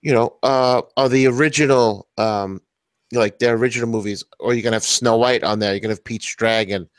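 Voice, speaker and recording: A man's voice: medium pitch, fairly even intonation, a little fast, no echo. A man co-hosting a casual podcast, giving short agreeing replies and dry quips. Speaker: podcast co-host. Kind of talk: casual round-table chat.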